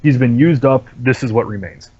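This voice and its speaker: A man's voice: medium pitch, normal speed, warm tone, husky, dull audio. A man narrating as game master for a tabletop game, casual and full of fillers. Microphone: online voice chat mic.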